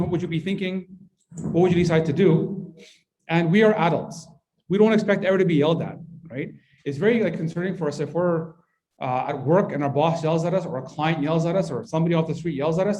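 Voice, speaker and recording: A man's voice: a little high, darkish tone. A man leading a parenting workshop in a mosque hall, talking conversationally and often checking in with the audience. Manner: conversational, keeps asking the audience "right?". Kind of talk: interactive workshop talk.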